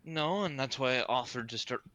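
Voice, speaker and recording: Male player, casual and wry, bright mid-pitched voice. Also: fairly quick, muffled recording. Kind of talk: casual chat at a game table.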